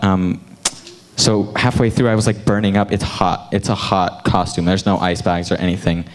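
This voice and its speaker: A young man with a lowish voice tells a self-mocking story to a group. He talks in a chatty, easy way and keeps laughing. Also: slight background noise. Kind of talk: casual storytelling to a youth group.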